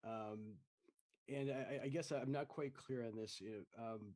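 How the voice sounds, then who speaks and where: A man's voice: medium pitch, steady tone, unhurried. Hesitant man asking interview questions. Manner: hesitant, many fillers and soft trailing. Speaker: podcast host.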